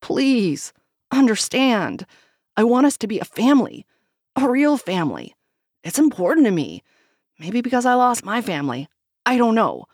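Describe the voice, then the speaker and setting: A woman's voice: lowish voice, big pitch swings, unhurried, breathy edge, dry recording, studio quality, heavily acted. A woman voicing an earnest, frustrated husband in an audiobook, speaking in a pleading, insistent tone. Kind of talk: audiobook character reading.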